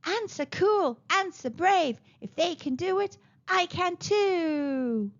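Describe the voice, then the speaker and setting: A woman voicing a mischievous, excitable little boy in a high, pleading storybook voice. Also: takes it slowly, exaggerated voice. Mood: determined. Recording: slightly dull lo-fi recording.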